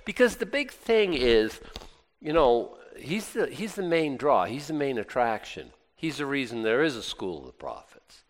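A man's voice: medium pitch, very animated, normal speed. A man preaching a conversational sermon in a folksy, rambling way, full of asides and restarts. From United States. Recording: long reverb of a hall.

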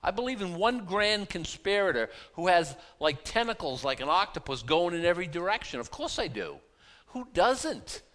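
Animated man preaching. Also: high-pitched, fairly quick, few pauses. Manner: animated, conversational preaching with rhetorical questions. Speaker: pastor. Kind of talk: sermon.

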